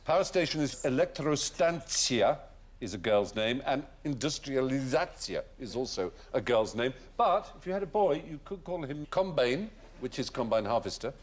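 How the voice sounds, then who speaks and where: A man's voice: mid-range voice, expressive, moderate pace, slight background noise. A man hosting a comedy panel quiz in a TV studio, explaining odd facts in a precise, learned way. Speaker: quiz show host.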